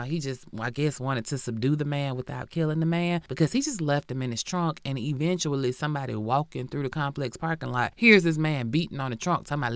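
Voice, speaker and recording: A woman hosting a podcast, telling a true crime story in a lively, profane, slangy style with asides to her listeners. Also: deep voice, no echo, studio quality. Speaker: podcast host.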